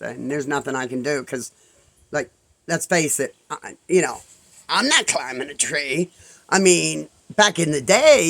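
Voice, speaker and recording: A man's voice: fairly high pitch, fairly bright tone, rough recording. Rambling man in his fifties telling a story. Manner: rambling, full of "I'm like" and asides. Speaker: vlogger. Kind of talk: casual spoken storytelling.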